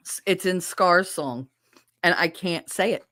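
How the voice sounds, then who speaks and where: Her voice sits on the low side, unhurried with a sharp tone, recorded at studio quality without echo. She's a podcast host broadcasting from her bedroom, casually talking with live viewers, swearing a lot and frequently laughing at herself, chatty and self-deprecating throughout.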